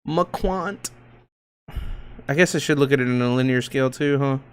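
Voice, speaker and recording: A man hosting a casual livestream, reading out market moves in a loose, joking, profane, slangy way with hype shouts. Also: medium pitch, moderate pace, clear, resonant tone. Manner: hype shouts and laughs while reading tickers. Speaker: crypto livestream host.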